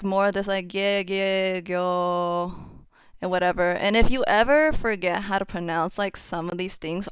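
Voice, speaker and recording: A woman casually teaching how to pronounce Japanese syllables, chatting informally and then singing the syllables out in a steady tone. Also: mid-range voice, smooth, dry recording. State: voice getting strained. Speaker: UTAU voicebank tutor.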